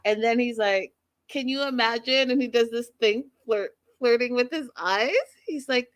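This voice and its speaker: A woman hosting a casual recap of a reality show, chatting in an animated, gossipy storytelling way. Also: fairly high pitch, unhurried. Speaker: show host.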